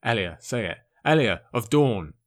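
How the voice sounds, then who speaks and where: A man's voice: lowish voice, moderate pace, sharp tone. A man reading as a brutal giant knight. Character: huge brutal male knight, beastlike.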